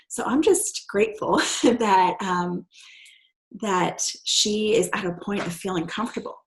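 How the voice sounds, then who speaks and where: A middle-aged woman, a guest and adoptive mother, telling a personal story softly and sometimes dropping to a hushed near-whisper. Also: fairly low pitch, rough recording. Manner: soft-spoken, drops to a hushed near-whisper when quoting.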